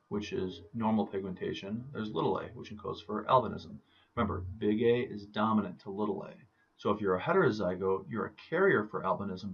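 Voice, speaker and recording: Male biology lecturer, low husky voice, conversational with fillers, lo-fi lecture recording. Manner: conversational, rhetorical questions, frequent fillers. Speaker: biology teacher.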